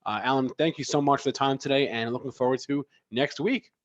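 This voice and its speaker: A man's voice: mid-range voice, fairly even intonation, quick pace, no room sound. Male show host, dry muffled sound. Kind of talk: live trading talk show hosting.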